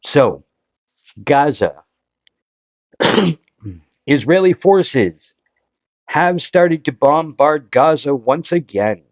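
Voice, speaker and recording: A Canadian man hosts a casual political talk show, frustrated and impassioned, firing off rhetorical questions. He speaks slowly at a medium pitch. The recording is dry and a little dull. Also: lively intonation, no echo. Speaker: podcast host.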